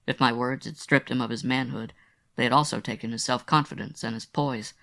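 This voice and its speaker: A man narrating a literary audiobook with a gravelly, fry-laden voice. He sits at a middling pitch and keeps a measured, confessional storytelling manner. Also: steady tone, a bit bright.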